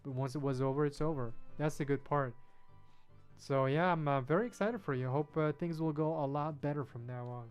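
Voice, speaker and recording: A man's voice: a little high, brisk, clear, resonant tone. A young man from Belgium chatting with his viewers while gaming, friendly and prone to repeating himself. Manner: friendly, repeats his own phrases, talks to chat by name. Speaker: streamer. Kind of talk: casual chat while gaming. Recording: game music playing behind.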